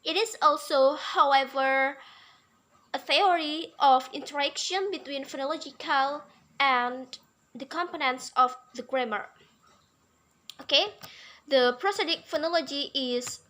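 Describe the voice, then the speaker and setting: A woman's voice: high-pitched, sharp tone. A young woman, a native Indonesian speaker, reading out English lesson notes carefully, with fillers and repeated words. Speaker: English teacher.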